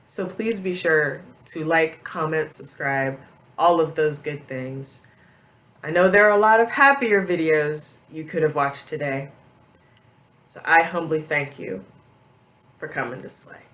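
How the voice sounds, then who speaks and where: A woman vlogger speaking slowly and haltingly, holding back tears as she talks to her viewers. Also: deep voice, a bit bright. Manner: slow, halting, emotional. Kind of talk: emotional personal vlog.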